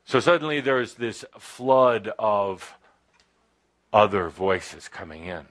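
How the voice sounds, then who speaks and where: A man giving a channeled spiritual talk to a live audience indoors, halting and full of pauses and fillers, with playful asides. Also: on the low side, lively intonation, a bit bright. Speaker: spiritual teacher channeling a guide.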